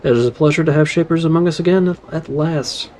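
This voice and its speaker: A man voicing a proud, wary male servile tribe leader in a game, measured and stern. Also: a little high, a little mellow, natural voice, rough recording.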